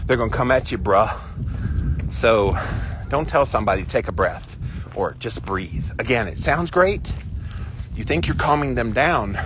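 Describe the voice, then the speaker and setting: A man hosting a casual live stream while out walking, reading viewer comments and giving his opinions in a chatty way, with outdoor noise behind him. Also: medium pitch. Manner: chatty, opinionated, stretches out phrases for emphasis. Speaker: host of a weekly walk-and-talk live stream. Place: outdoors on a walk.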